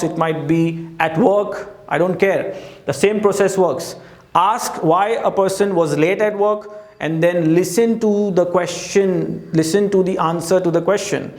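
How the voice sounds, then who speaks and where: A man with a rather high voice coaches the listener in an earnest, direct way, often dropping in "you know". He speaks in an echoey room. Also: darkish tone. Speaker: life coach. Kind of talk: talk at a teaching board.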